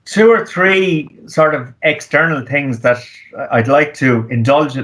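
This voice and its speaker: A man, an economist, giving measured interview answers with frequent ums and restarts. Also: a little high, fairly bright tone. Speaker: economist guest.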